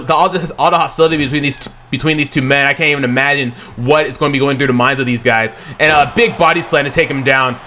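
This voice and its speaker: A man giving excited amateur play-by-play commentary over a video game, stumbling and correcting himself, then bursting into shouts at big moves. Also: a little high, a little hiss or hum. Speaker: play-by-play commentator for his own game session.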